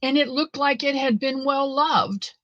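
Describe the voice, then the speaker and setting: A middle-aged woman with a high voice runs a live knitting stream, speaking at a measured pace. The recording is dry, with the highs cut off. She chats casually and earnestly with her viewers, warm, motherly and faith-filled, addressing them directly.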